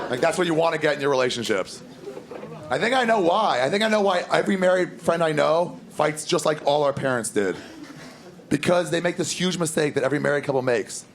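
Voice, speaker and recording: A man in his thirties doing a stand-up comedy set on a club stage, telling crude stories in a deadpan way and breaking into loud acted outbursts. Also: on the high side, background noise. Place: comedy club stage before a live audience. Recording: live club recording, loud laughing crowd.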